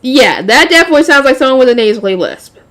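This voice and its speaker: A woman's voice: sits high, very animated, quick pace, a bit bright. A woman reading a light novel aloud, often laughing and breaking off to chat with her viewers.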